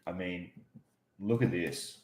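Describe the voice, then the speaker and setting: A man's voice: deep voice, slow pace, darkish tone, slight background noise. A man in his thirties with an Australian accent, chatting casually to camera about his cards, laid-back and swearing freely. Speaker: card collector and channel host.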